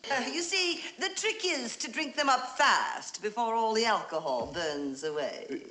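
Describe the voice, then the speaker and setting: An actress in 1950s film acting, playing a flamboyant, worldly middle-aged aunt with a grand, sweeping theatrical delivery. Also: female voice, on the high side, big pitch swings, unhurried, sharp tone, full character voice.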